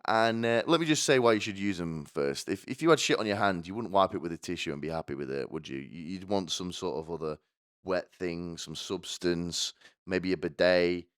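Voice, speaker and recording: A man's voice: sits low, moderate pace, clear, resonant tone, dry recording, clean studio sound. A man hosting a podcast, delivering a rambling, sardonic comedic monologue full of restarts. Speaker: podcast host.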